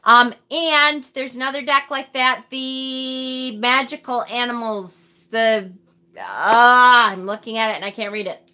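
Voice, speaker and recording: Hosting a tarot livestream, a woman with a bright, high voice chats slowly and casually while reading viewer comments. She pokes fun at herself, laughs readily and lets the occasional swear word slip, her loose, friendly tone aimed straight at her audience.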